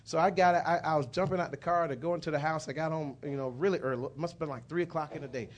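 A middle-aged man shares his testimony from the pulpit, his voice sitting a bit high for a man. He rambles and restarts often, circling back through the story with plenty of fillers. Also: fast. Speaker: minister. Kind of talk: personal testimony in a sermon.

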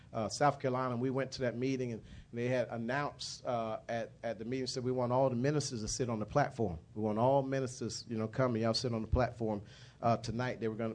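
A middle-aged man, giving a rambling personal testimony as a minister, with many restarts and fillers. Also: mid-range voice.

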